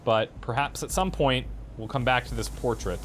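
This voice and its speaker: A man casually commenting on gameplay, animated and amused, with frequent chuckling asides. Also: mid-range voice, moderate pace, background noise. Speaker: let's play host.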